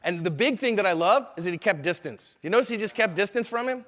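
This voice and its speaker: A man teaching a live seminar, energetic and conversational, with quick asides to the audience. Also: high voice, long reverb tail. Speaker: self-defense instructor. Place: convention hall seminar room.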